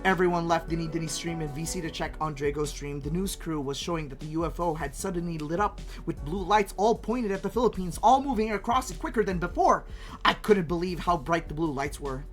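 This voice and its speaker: A woman's voice: lowish voice, fairly quick, soft background music. A woman reading fan fiction aloud in a casual way, breaking off now and then to laugh and comment on her script. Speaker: reader.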